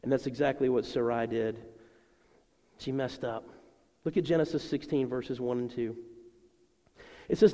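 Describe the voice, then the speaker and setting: A man preaching a sermon to a congregation, animated and acting out the voices he quotes. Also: medium pitch, moderate pace, long pauses, long reverb tail. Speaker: pastor.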